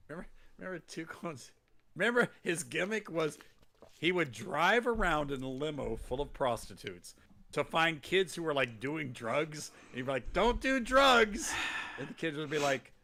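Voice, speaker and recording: A man with a slightly high, expressive voice hosts a wrestling podcast, speaking at a normal pace with a pushed, bright sound. He chats casually, rambling and joking, and acts out quotes in goofy, silly voices.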